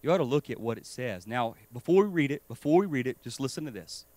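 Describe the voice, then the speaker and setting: A man preaching a sermon with urgent emphasis, swinging between loud stresses and quiet asides. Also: medium pitch, expressive, fast talker, dry recording. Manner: urgent and emphatic, rising and falling in loudness.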